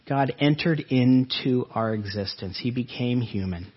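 A man preaching an earnest Easter-season sermon to his congregation, his voice swelling and then dropping soft. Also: mid-range voice, takes it slowly, slightly rough, lo-fi sound. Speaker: pastor.

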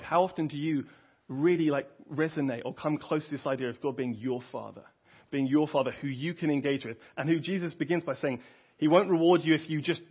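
Brief: male preacher, earnest and conversational, somewhat high, husky voice, dull lo-fi recording. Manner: earnest, conversational, with frequent restarts. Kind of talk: sermon. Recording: dull lo-fi audio.

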